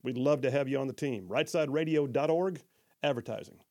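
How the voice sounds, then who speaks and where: A man's voice: mid-range voice, fairly quick, darkish tone. A man hosting a talk radio show, chatty and folksy, reading listener texts and often stumbling over his words.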